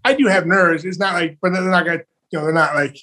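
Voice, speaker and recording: A man's voice: high-pitched, fast talker. A man, a professional fighter, telling rambling stories in a casual interview and acting out what others said. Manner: rambling, animated, acts out quotes.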